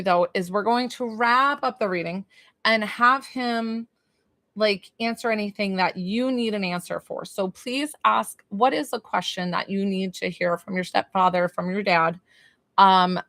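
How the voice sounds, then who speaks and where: A woman's voice: medium pitch, fairly bright tone, dry recording. Chatty woman giving a dry-sounding psychic reading. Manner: chatty, hesitant, many fillers and questions. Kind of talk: live-streamed spiritual reading.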